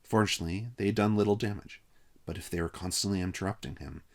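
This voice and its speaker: A man reading a children's novel aloud with steady, expressive narration. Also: low voice, fast talker. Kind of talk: read-aloud story narration.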